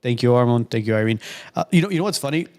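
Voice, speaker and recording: Animated and racing, with a medium-pitched, slightly mellow voice, a man in his late thirties tells stories as a podcast co-host. His casual chat is full of restarts.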